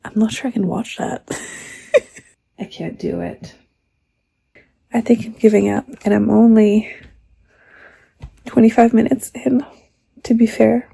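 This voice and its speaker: Woman vlogger, casual home chat, light vocal fry, camera mic. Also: on the high side, fairly even intonation, slow pace, pauses often, mellow. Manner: chatty, talks baby talk to her cat. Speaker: book vlogger. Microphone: camera mic, no external mic.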